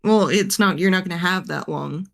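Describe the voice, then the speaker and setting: A woman's voice: on the low side, normal speed, gravelly. A woman player in a casual tabletop game, hesitant as she thinks aloud.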